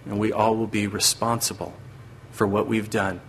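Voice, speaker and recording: A man's voice: on the low side, level tone, moderate pace, a bit bright, slight background noise. A middle-aged man preaching a sermon earnestly, now and then acting out the voices of biblical figures. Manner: earnest, acts out voices of God and Satan. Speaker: pastor.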